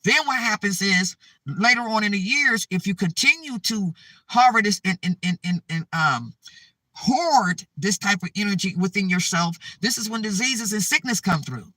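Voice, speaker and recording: High bright-voiced man preaching to viewers. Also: lively intonation, normal speed, no echo, distant mic. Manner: repetitive, urgent, keeps checking in with "okay?". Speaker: spiritual advice channel host. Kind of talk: preachy spiritual monologue to viewers.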